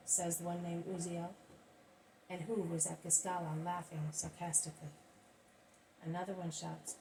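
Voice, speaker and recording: A low-voiced woman reading an audiobook. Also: little pitch movement, normal speed, gravelly, warm tone. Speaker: narrator. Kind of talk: audiobook reading of a religious text. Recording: distant mic, faint background hiss.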